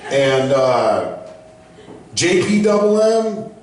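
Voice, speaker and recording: A man's voice: fairly high pitch, big pitch swings, extremely slow, darkish tone, distant mic. A man hosting an open mic night and telling a profane, rambling stand-up story. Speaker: open mic host and comedian. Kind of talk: stand-up comedy. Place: small event venue. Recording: very echoey room, mic from afar.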